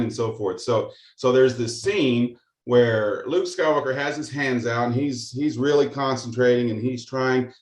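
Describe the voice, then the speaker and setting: A middle-aged man on a video call telling a story, hesitant, with many fillers and restarts. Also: medium pitch. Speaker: call participant. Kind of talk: casual storytelling. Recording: echoey room.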